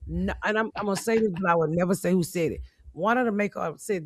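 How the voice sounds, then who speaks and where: A middle-aged woman hosting a comedy podcast, telling stories in a brash, profane, animated way. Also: on the high side, quick pace, no echo, clean studio sound. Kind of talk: loud storytelling chat.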